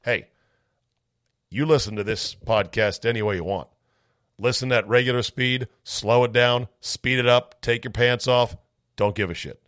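A man hosting a podcast, reading listener mail in a wry, sarcastic, rambling way, his voice slightly hoarse. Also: medium pitch, steady tone, unhurried, fairly bright tone, dry recording, studio quality. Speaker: podcast host.

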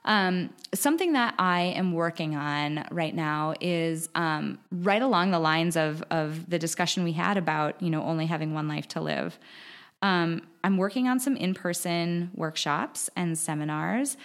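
A woman's voice: on the low side, measured pace. A woman in her thirties hosting a podcast from home, chatting casually and enthusiastically with lots of fillers. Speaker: podcast host. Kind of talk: casual solo podcast talk.

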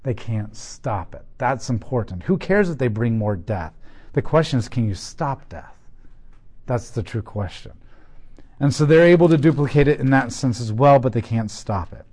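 A man teaching through a Bible passage, animated, with joking asides and rhetorical questions. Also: medium pitch, moderate pace. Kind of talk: sermon.

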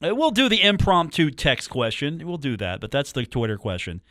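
A man's voice: a little high, big pitch swings, moderate pace, sharp tone, dry recording, studio quality. A man hosting a sports talk radio show, chatting casually and joking with listeners between game talk. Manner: chatty, joking, repeats phone numbers and catchphrases. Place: radio studio. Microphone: studio microphone.

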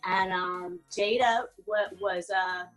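A woman in her forties, an actress being interviewed, telling stories about her career in a relaxed, chatty way and laughing often. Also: medium pitch, slow, soft background music. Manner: laughs often, animated storytelling. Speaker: guest actress. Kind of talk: casual interview chat.

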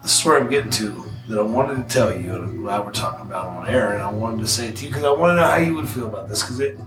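Man guest, foul-mouthed animated storyteller; echoey room, off-mic, music underneath. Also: on the low side, very fast, distant mic. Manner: profane, animated storyteller acting out quotes. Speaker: podcast guest. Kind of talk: casual storytelling. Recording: roomy echo, off-mic, music bed.

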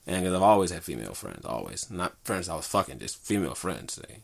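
A man's voice: low-pitched, big pitch swings, fast, gravelly, husky. A man talking in a rambling, laid-back and profane way in a casual solo monologue, speaking as a father into a good microphone.

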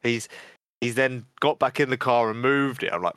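Podcast co-host, bright forceful voice, excitable, dry recording. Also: male voice, fairly low pitch, normal speed, clear, resonant tone, no room sound. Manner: excitable, swears casually. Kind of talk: casual chat.

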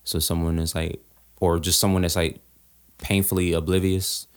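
Male co-host, very low voice, easygoing casual rambler. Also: level tone, normal speed. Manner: laid-back, slangy, rambling. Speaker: podcast co-host. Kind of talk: casual chat.

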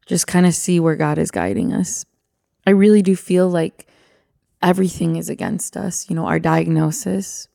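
A woman co-hosting a podcast, guiding listeners through a prayer meditation and praying aloud softly and gently. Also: fairly low pitch, gravelly, no echo, studio quality. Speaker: podcast co-host.

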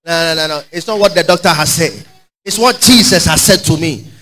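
A man preaching a sermon, fervent and call-and-response, swinging from shouts to quiet asides. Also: a little high, brisk, faint music behind, rough recording.

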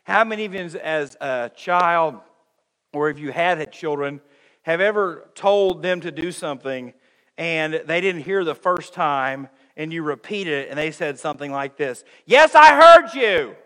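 A man's voice: a little high, normal speed, fairly bright tone, in a large hall. A man preaching a sermon to his congregation, calling them friends and acting out everyday quotes with humor. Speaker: pastor. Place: church sanctuary.

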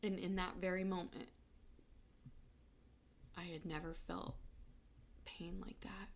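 A young woman in her twenties telling a personal story of loss, halting and fighting back tears. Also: on the low side, flat delivery, vocal fry.

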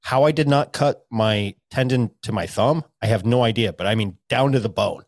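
Male podcast co-host, mid-pitched, dry close sound, loose profane storytelling. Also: moderate pace, no echo. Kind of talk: casual podcast chat.

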